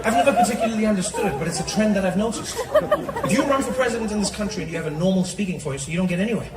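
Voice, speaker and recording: Animated comedian on a roomy live stage. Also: male voice, high-pitched, racing, heavy background noise. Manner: animated, slips into mocking impressions of voices. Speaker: stand-up comedian. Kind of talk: stand-up comedy set. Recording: roomy live recording with crowd laughter, from a distance.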